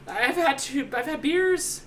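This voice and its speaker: A man hosting a live call-in trivia game show from home, talking fast and joking as he rambles between questions. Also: very high-pitched, expressive, pushed and bright, slight background noise. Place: home studio.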